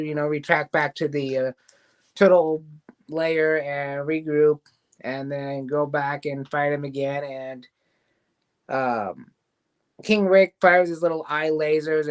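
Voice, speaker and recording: Brief: male host, higher-pitched, rambling casual episode recap. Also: smooth. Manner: rambling recap, loose quoting of scenes. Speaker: show host reviewing a cartoon series. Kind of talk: casual review chat.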